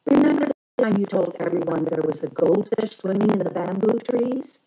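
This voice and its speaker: A woman's voice: on the low side, sing-song, normal speed, mellow, slight background noise, rough recording. A woman doing a dismissive older girl cousin. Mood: teasing. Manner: teasing, offhand.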